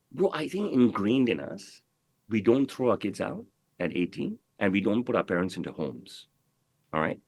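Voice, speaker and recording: A man's voice: on the low side, big pitch swings, normal speed, darkish tone, slightly rough, no room sound. A middle-aged man, a tailor, giving a brash, profane and emphatic interview, full of "bro" and "you know what I mean". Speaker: guest, tailor. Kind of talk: casual interview talk.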